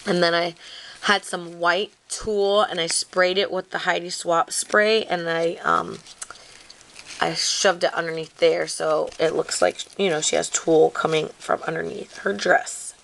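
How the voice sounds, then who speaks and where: A woman's voice: fairly low pitch, steady tone, measured pace, gravelly, a little hiss or hum. A woman casually walking through her scrapbook craft project, rambling with lots of "like" and "um". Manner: rambling, many fillers like "like" and "um"; apologetic about filming mishaps. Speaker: craft video maker.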